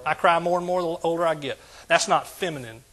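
A man preaching a sermon to a congregation, asking them questions and building to loud exclamations. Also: a little high, fast talker. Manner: preaching with call-and-response, rising to shouts. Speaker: pastor.

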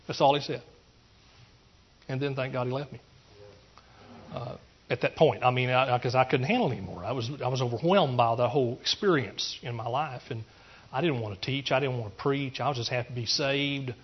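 A pastor from East Texas giving an earnest testimony sermon, rambling through restarts and rising into emphatic preaching. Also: male voice, medium pitch, brisk, husky, highs cut off.

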